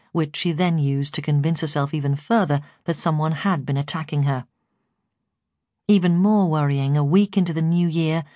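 A woman narrating a memoir in a calm, measured storytelling voice. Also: deep voice, dry recording, clean studio sound. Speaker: audiobook narrator.

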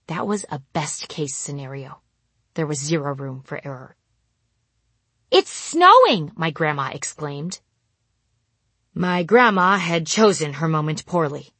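A woman reads her own memoir aloud, landing wry punchlines with dry timing. Her voice sits fairly low and a little breathy. The recording is close and dry, with no room sound. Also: a bit bright, no room sound. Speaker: narrator. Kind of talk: first-person memoir storytelling.

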